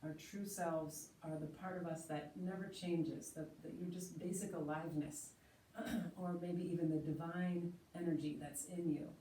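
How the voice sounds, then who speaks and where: A woman teaching yoga, slowly and gently cueing breath and movement. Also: lowish voice, fairly even intonation. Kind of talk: guided yoga instruction. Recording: roomy echo, voice from a distance, faint hiss.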